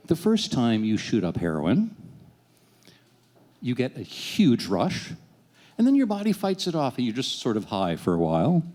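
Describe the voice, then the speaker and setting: A man in his sixties telling a personal story on stage, animated, self-deprecating and swearing freely. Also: mid-range voice. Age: 60s.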